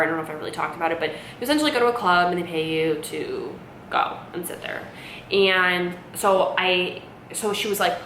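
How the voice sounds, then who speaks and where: A woman's voice: lowish voice, a little hiss or hum. A woman in her late twenties telling a personal story to camera in a rambling, casual way, full of "like" fillers. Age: late 20s. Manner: rambling, many "like" fillers, animated retelling. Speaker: vlogger. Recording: roomy, echoey room.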